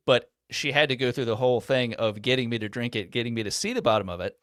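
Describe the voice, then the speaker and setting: A man's voice: mid-range voice, lively intonation, quick pace, fairly bright tone, no room sound, clean studio sound. A man who is a podcast guest in a casual chat, telling a story with self-deprecating humor. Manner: self-deprecating, laughs at himself.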